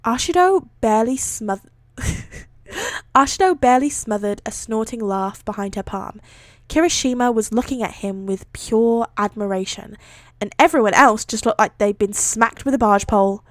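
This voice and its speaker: A woman reads fan fiction aloud on a live stream and breaks off into casual, self-deprecating chat full of swearing. Her voice sits a little high. The sound is close and dry, from her streaming setup. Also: normal speed, no echo.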